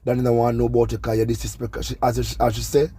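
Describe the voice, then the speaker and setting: A man's voice: medium pitch, monotone, fast talker, warm tone, a little hiss or hum. A Jamaican man hosting a gossip channel, talking casually and scolding, often asking "you see me". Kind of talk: casual commentary monologue.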